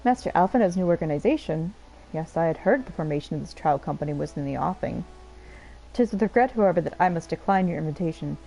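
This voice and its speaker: A woman's voice: low voice, animated, quick pace, creaky, mellow, soft background music, low-quality recording. Woman reading a formal male guard commander.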